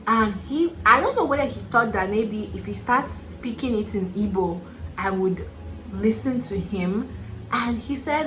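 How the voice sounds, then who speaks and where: A woman's voice: mid-range voice, animated, normal speed, fairly bright tone, slight background noise. Sassy young Nigerian woman, roomy echo. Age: young adult. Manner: sassy, playful, laughs often, calls listener "honey". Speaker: YouTuber. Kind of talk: casual get-ready-with-me chat.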